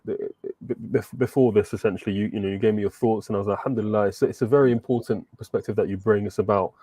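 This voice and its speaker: A man with a lowish voice gives a measured, reflective take in an online discussion. The sound is close and dry, with no room around it. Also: a little mellow, no room sound. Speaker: guest.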